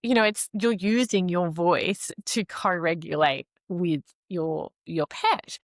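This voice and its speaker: A woman, a nervous system expert, explaining things calmly in a podcast interview. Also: lowish voice, takes it slowly, dry recording, clean studio sound. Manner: calm, explanatory, animated with sing-song asides.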